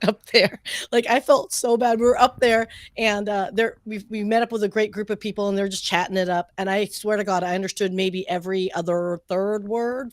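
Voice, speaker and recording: A woman's voice: mid-range voice, no echo. Chatty woman co-host on a dry mic. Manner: chatty, self-deprecating storyteller. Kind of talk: casual chat.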